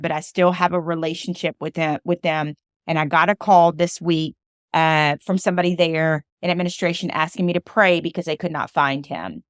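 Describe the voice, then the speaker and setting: A woman's voice: fairly low pitch, clean tone, dry recording, studio quality. A woman with a Southern US accent hosting a podcast, talking in an earnest, emotional way that sometimes sounds like a preacher's appeal. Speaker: podcast host. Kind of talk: heartfelt podcast monologue.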